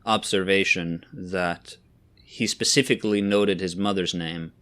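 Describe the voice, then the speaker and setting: A man's voice: low-pitched, steady tone, measured pace, pushed and bright. A man chatting on a podcast with a wry, joking manner. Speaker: podcast co-host. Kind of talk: casual podcast chat.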